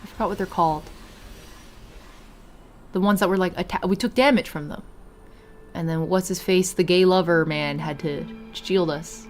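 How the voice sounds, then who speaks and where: A young woman casually chatting while streaming a video game. She talks in a chatty, easily distracted way, with bursts of excited exclamations. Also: on the low side, moderate pace, long pauses, faint music behind. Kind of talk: casual live gameplay commentary.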